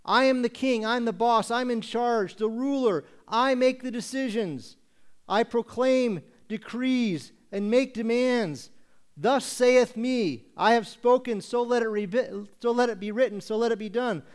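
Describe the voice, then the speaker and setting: A man's voice: very high voice, a little slow, clean tone, pitched above the performer's own voice. A man putting on the voice of a pompous, bossy leader who crowns himself king and proclaims decrees. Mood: boastful.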